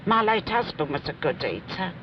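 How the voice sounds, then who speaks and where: A woman's voice: lowish voice, very animated, normal speed. An actress playing a plain-spoken, homely widowed charwoman in a 1960s TV drama. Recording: dull lo-fi 1960s TV sound, loud hiss.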